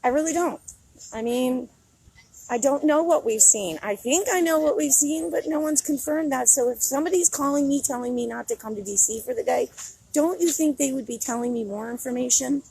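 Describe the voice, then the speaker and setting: A woman's voice: high-pitched, a little fast, gravelly, a little mellow, poor audio. A middle-aged woman on a casual outdoor phone livestream, talking candidly and rambling, often breaking into laughter. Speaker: vlogger. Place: outdoors in a city.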